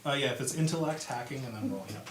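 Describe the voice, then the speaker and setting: A man running a tabletop game as game master, narrating in a relaxed way with plenty of ums and likes. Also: medium pitch, fast talker, crowd noise. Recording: echoey room from far off with background noise.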